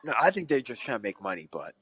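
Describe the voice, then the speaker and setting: A hoarse man co-hosts a casual podcast chat, clearing his throat and coughing often. He rambles through his points and keeps asking his partner questions. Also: mid-range voice, sing-song, fast, a bit bright. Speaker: podcast co-host.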